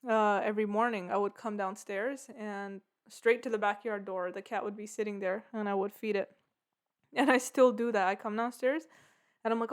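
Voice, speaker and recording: A woman talks through a personal story on her podcast in an easygoing, meandering way. She fills her sentences with "like" and "yeah." Her voice is smooth and clear and sits at a middle pitch. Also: fairly even intonation, moderate pace. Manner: rambling, lots of "like" and "yeah". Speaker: podcast host. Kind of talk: casual storytelling.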